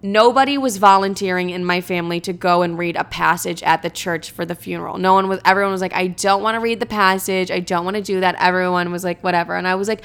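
A young woman in her twenties telling casual, profane, animated stories about her own mishaps. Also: lowish voice, a little fast, vocal fry, smooth. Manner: animated, profane, dramatic storytelling. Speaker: storyteller. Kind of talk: casual storytelling vlog.

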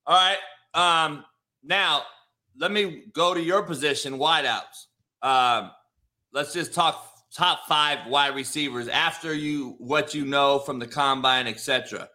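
A man's voice: on the high side, a little slow, sharp tone. A man hosting a casual sports talk show, laid-back, swearing freely and restarting his sentences. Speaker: podcast host.

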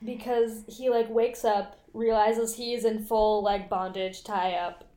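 A woman in casual chat as a podcast co-host, chatty and quick to laugh while quoting characters. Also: mid-range voice, level tone, warm tone. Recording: echoey room.

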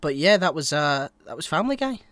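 A man co-hosting a podcast, chatting casually and rambling, with loud outbursts between mumbled asides. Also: a little high, sing-song, fairly quick, no room sound. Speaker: podcast co-host.

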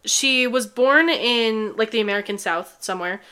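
A woman co-hosting a podcast in casual chat, giggly and quick to chime in. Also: fairly high pitch, bright, forceful tone, clean tone. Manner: giggly, quick agreeing interjections. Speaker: podcast co-host.

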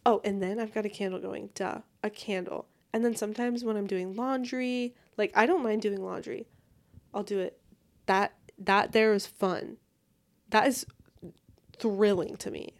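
A chatty young woman hosts a casual solo podcast, rambling along in a bubbly, easygoing way. Her voice sits in an ordinary middle pitch for a woman. She is talking from her bed at home. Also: steady tone, unhurried. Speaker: podcast host.

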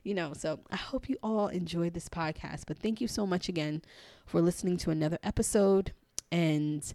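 A woman with a raspy, hoarse voice, hosting a casual solo podcast in a chatty, encouraging way. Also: on the low side, moderate pace, warm tone, no room sound, clean studio sound. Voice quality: raspy, losing her voice. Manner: chatty, encouraging, many ums and you-knows. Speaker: podcast host and life coach.

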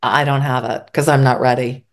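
A woman's voice: extremely low pitch, flat delivery, moderate pace. A middle-aged woman therapist giving candid, mildly profane relationship advice in conversation, often acting out both sides of an argument. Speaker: psychologist and therapist guest.

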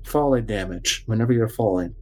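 Easygoing man running a tabletop game. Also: lowish voice. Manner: easygoing, laughs often, quick rulings. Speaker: game master.

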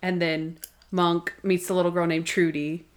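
A woman co-hosting a podcast, chatting casually and recapping TV episodes with lots of "like" and quick asides. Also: on the low side, little pitch movement. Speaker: podcast co-host.

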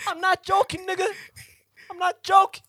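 A man putting on the voice of a furious male gym trainer who shouts profane threats. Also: very high voice, fast talker, no echo, studio quality, voice pushed up. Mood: furious threatening.

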